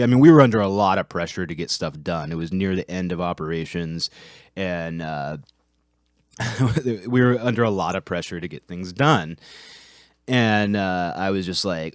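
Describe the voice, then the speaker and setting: A man with a fairly low voice talks through a casual, rambling monologue. He restarts his sentences and drops in profane asides. The sound is close and dry, with no room around it. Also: moderate pace, dry recording. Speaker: host.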